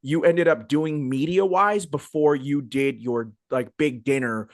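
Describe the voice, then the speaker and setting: A man hosting a podcast in casual, animated chat, full of fillers and restarts, over a video call. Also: on the high side, measured pace, no room sound. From Phoenix, Arizona area. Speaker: podcast host. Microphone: video call podcast mic.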